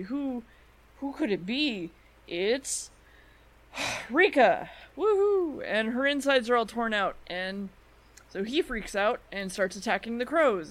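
A woman with a medium-pitched voice co-hosts a podcast, chatting loosely as she recaps anime episodes. She scatters fillers throughout and tosses in brief quoted lines from the characters.

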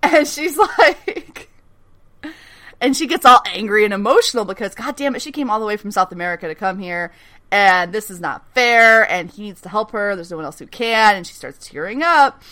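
Woman podcast host, super animated, bright tone, laughs a lot recapping episodes. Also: mid-range voice, moderate pace. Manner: animated, swearing, laughing often, acting out characters' lines. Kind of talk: casual chat.

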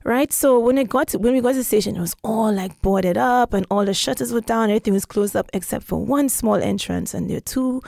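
A woman podcast host telling a story in casual chat, animated and acting out the voices she quotes. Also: medium pitch, brisk, gravelly, hardly any pauses, no room sound, clean studio sound. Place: London.

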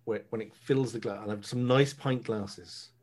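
An Irish man in relaxed podcast chat, jokey and loose with a swear word. His voice is husky and mid-pitched. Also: moderate pace. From Ireland. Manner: laid-back, swears casually, jokey. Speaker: podcast guest. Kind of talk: casual chat.

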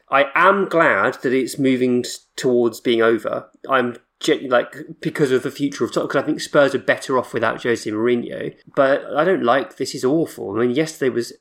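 A man's voice: medium pitch, gravelly. A man co-hosting a football podcast, speaking frankly and emphatically, often restarting his sentences. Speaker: podcast co-host leading the discussion. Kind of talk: casual football podcast chat.

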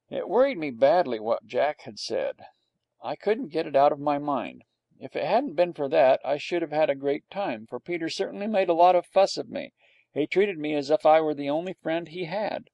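Brief: male audiobook narrator, mellow and gravelly, wry dry humor. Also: a little high, lively intonation, normal speed, no echo, dull audio. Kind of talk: storybook narration as a dog.

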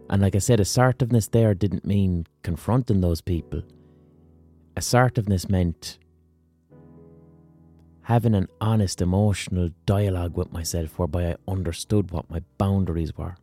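Low-voiced man ranting casually. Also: dark tone, dry recording. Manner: profane, rants, self-mocking. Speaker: podcast host. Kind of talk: casual monologue.

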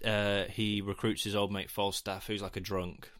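A man's voice: on the low side, flat delivery, moderate pace, a bit bright, no echo, studio quality. A man co-hosting a casual film review chat, rambling with jokey asides and casual swearing. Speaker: podcast co-host.

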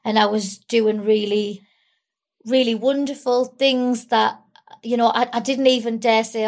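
A young woman appears as a guest in an emotional personal interview, talking candidly and tearfully. She rambles and uses many fillers, her fairly high voice staying steady and unhurried.

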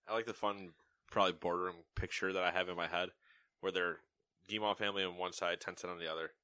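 A man's voice: low voice, fairly even intonation, fast talker, pushed and bright, no echo, clean studio sound. A man co-hosting a casual gaming news podcast, joking and laughing often as he reads stories. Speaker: co-host reading gaming news.

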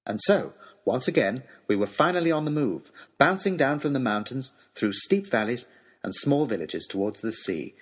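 A man's voice: medium pitch, husky. A man reading a storybook letter aloud in a wry, dry and polite manner. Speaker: audiobook reader.

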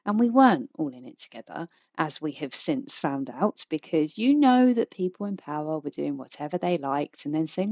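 A woman's voice: low voice, animated, fairly quick, few pauses, darkish tone, no room sound. A woman, chatting frankly and rambling on her solo podcast. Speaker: podcast host. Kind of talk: casual solo podcast chat. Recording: dry, slightly dull home mic.

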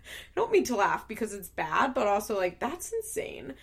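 A woman telling a story in a casual, chatty way, animated and quick to laugh, full of filler words. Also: mid-range voice, vocal fry, slightly rough. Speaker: show recapper.

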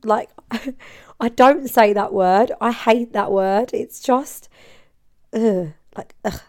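A woman's voice: on the high side, takes it slowly. Bubbly woman chatting on a podcast. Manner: bubbly, chatty, rambling with frequent laughs. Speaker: podcast host and hairdresser. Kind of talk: casual solo podcast chat.

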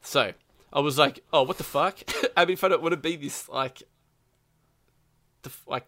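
A man's voice: fairly high pitch, moderate pace, sharp tone, dry recording. Profane rambling man, dry sound. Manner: rambling, profane, full of fillers. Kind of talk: casual chat about a video game.

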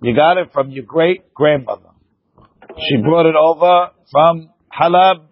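A man teaching a lively Talmud class, arguing points back and forth with his students. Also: fairly high pitch, unhurried, no room sound, narrow, tinny audio.

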